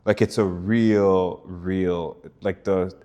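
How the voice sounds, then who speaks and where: A young man from Canada, an actor guest in a casual interview, telling animated stories and acting out quotes with laughs. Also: low-pitched, slow.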